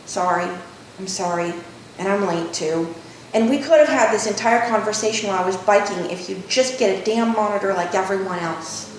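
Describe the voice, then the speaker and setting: A woman's voice: moderate pace, lightly acted. An irritable young woman artist with a snappish, frustrated way of speaking, read by a woman. The room around her is echoey. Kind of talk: author reading a novel aloud. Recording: echoey room, faint rumble.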